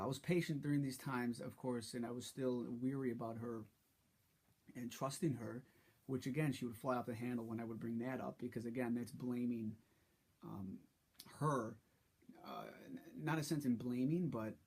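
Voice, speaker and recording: Man, vlog confessional, husky tone, halting and frustrated delivery. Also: medium pitch, darkish tone. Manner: halting and frustrated, many restarts. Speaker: vlogger. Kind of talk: personal story.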